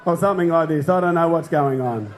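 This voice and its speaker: A man's voice: on the high side, brisk, some chatter behind. Brash sweary Australian stand-up man. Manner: brash, sweary, ranting delivery. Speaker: stand-up comedian. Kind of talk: stand-up set. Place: comedy club stage with a live audience.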